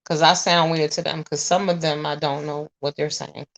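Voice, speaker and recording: A woman in her forties chatting to viewers, telling a story in a blunt, animated, profane way. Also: low-pitched, moderate pace. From US Northeast. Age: 40s. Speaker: vlogger.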